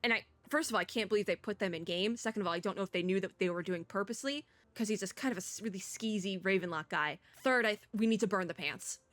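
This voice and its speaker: Bright chatty young woman gamer. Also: mid-range voice, fast talker, hardly any pauses, no room sound. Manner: chatty, joking, laughs often. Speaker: VTuber streamer. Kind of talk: let's play commentary and dialogue reading.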